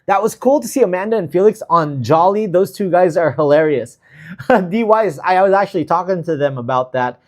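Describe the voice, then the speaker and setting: Easygoing guy chatting on his travel livestream, reading comments out, voice a touch on the high side. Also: animated, a little fast. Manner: easygoing, chatty, many fillers, gives shout-outs. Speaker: travel vlogger hosting a livestream. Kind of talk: casual livestream chat, reading viewer comments.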